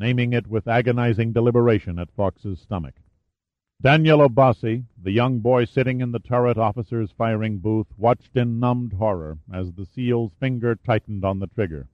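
A man narrating an action thriller audiobook in a steady, dramatic storytelling manner. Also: lowish voice, dry recording, muffled recording.

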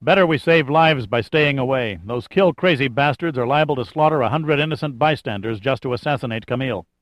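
A man reading an audiobook, voicing a cool male hero who speaks calmly and matter-of-factly. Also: medium pitch, brisk, no echo, close to an everyday voice. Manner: calm, matter-of-fact. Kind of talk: audiobook character voice. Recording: dull lo-fi dry recording.

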